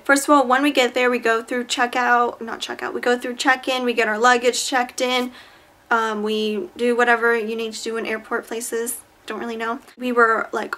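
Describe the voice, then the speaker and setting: Young woman, high voice, chatty, exaggerated, casual vlog storytelling. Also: a bit bright. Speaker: vlogger.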